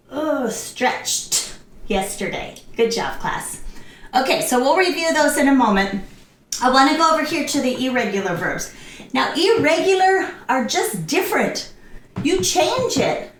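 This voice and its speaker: A woman teaching English to a class, repeating each word slowly and clearly and acting out the actions. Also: sits high, sing-song, slight background noise. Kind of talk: slow classroom lesson with drills. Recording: echoey room, voice a bit far from the mic.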